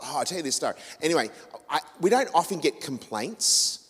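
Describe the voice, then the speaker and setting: A man's voice: fairly high pitch, sing-song, fairly quick, slightly rough. An Australian man, a radio host, giving an informal church talk to an audience in a rambling way with many restarts and self-corrections. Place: church hall. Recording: long reverb of a church hall.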